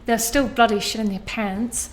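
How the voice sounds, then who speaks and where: A woman giving an intuitive astrology reading to camera, animated and blunt, swearing casually as she talks. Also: on the high side, normal speed. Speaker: astrology tarot reader.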